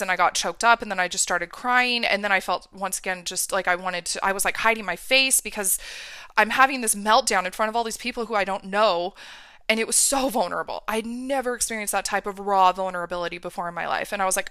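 A woman's voice: mid-range voice, a little fast, sharp tone, clear, resonant tone, no room sound. A woman hosting a podcast, telling a personal story in a candid, emotional way. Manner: emotional, candid, reenacts her own outbursts. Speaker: podcast host.

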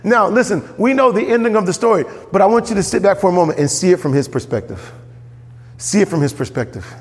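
A man preaching a sermon as pastor, animated, jumping up in pitch when he voices quoted characters. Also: fast talker, long reverb tail.

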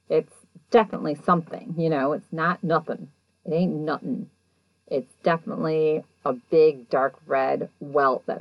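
A woman casually retelling events in a chatty, animated way, acting out what people said. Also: sits low, dry recording, highs cut off. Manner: chatty, animated, acts out quotes. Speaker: show recapper. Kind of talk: casual storytelling recap.

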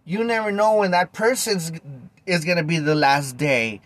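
Animated higher-voiced Los man. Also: moderate pace, no echo. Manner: animated, talks to listeners directly, casual swearing. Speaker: podcast host. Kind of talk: casual storytelling monologue.

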